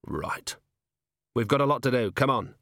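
A hard-driving veteran watch commander, as a male narrator plays him, who thinks aloud in brisk bursts and keeps firing probing questions. His voice sits a little above the narrator's own and is read close and dry. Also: mid-range voice, animated, creaky, a bit bright, no room sound. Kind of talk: audiobook character voice.

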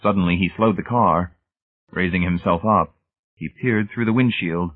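A man with a very deep voice narrates a novel in a steady, measured way. The sound is thin and band-limited, like it's coming through a telephone. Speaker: audiobook narrator. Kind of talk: scripted narration. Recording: tinny phone-like band.

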